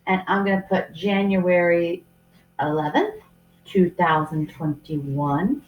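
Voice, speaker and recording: A woman teacher giving a remote writing lesson to young children, speaking slowly and sounding out each word as she writes, recorded on a computer microphone. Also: lowish voice, animated, lo-fi sound. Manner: slow and deliberate, sounding out words while writing. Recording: roomy echo.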